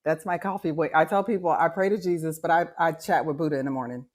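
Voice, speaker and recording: A woman's voice: sits low, quick pace, a little mellow. A woman on a video call, chatting effusively and with enthusiasm in casual conversation. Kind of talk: casual chat.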